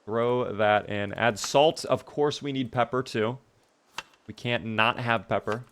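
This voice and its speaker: A man's voice: mid-range voice, a little slow, fairly bright tone, a little hiss or hum. A man streaming a video game live, chatting casually and answering viewer messages as he plays.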